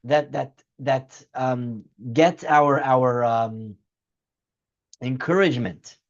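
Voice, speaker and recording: A rabbi giving his weekly class tells a story earnestly, acting out the dialogue in a storytelling lecture. His voice is medium-pitched and slow, and the recording has its highs cut off.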